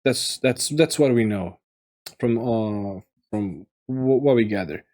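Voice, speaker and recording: Brief: unhurried male reviewer, mid-range voice, stumbling and restarting as he thinks aloud. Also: medium pitch, a little mellow. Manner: halting and rambling, many fillers and restarts. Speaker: video game reviewer. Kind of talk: casual solo commentary.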